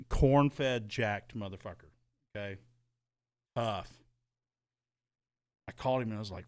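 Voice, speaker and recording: A man tells a personal story on a podcast, cursing freely and acting out heated arguments as he goes. His voice sits at an ordinary pitch, recorded close and dry with no room sound. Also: no room sound. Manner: profane, animated storytelling with heated re-enacted quotes. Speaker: podcast co-host. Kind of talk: casual storytelling chat.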